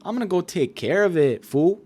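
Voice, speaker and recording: A man voicing a gruff middle-aged mob boss with a put-on Mexican accent. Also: high voice, lively intonation, normal speed, darkish tone, pitched above the performer's own voice. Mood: menacing. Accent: Mexican Spanish accent, put on.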